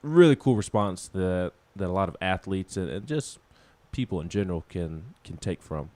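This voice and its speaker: A man's voice: low-pitched, animated, normal speed, darkish tone. A man co-hosting a casual sports talk show, rambling with many restarts and laughing at himself. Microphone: studio microphone.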